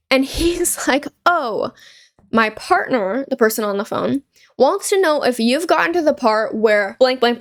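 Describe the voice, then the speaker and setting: Young woman, casual gaming chat, rambling, animated storytelling, slightly high voice. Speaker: gaming YouTuber; store cashier. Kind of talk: casual chatty commentary.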